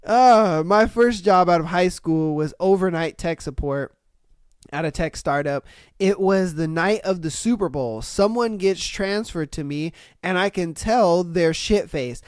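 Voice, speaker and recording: A man hosting a podcast, reading listener stories and ranting about them in a casual, profane, animated way. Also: high voice, measured pace, clear, resonant tone, no room sound, clean studio sound. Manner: animated, profane, acts out rants loudly. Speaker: podcast host.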